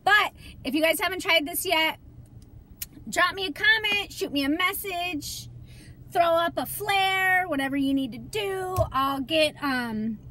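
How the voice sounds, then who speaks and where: A woman's voice: extremely high pitch, a little slow, sharp tone, slight background noise. A woman, a mother, chatting casually and teasing her son on a live stream, giggling often. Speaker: mother demonstrating nail polish on a live stream.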